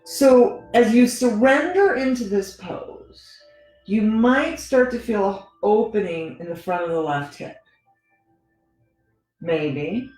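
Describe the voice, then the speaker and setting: A woman teaching a gentle yoga class, talking the students through each pose in a relaxed, conversational way and often checking in with "right?". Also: mid-range voice, slow pace. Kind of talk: guided yoga instruction. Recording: very echoey room with faint music.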